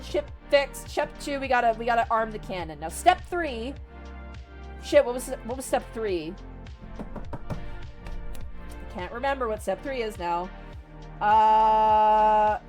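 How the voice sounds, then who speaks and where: A young woman with a somewhat high voice rattles through a story recap for her stream chat, excitable and quick, swearing and laughing as she goes. Faint music plays underneath her. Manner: excitable, rapid, swears freely, laughs mid-sentence. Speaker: VTuber streamer. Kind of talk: casual retelling of a novel to a stream chat.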